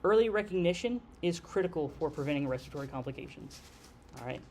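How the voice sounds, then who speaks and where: A man's voice: fairly high pitch, animated, fast, a little mellow, a little hiss or hum. A man giving a lecture on airway anesthesia in a conversational way, often checking in with the class by asking "okay?". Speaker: nurse anesthesia instructor.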